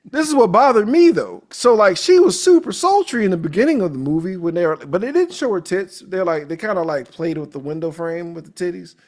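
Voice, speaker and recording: A man's voice: high voice, brisk, hardly any pauses. A man hosting a podcast, recapping a movie in a casual, jokey, profane way. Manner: animated, profane, jokey storytelling. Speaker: podcast host.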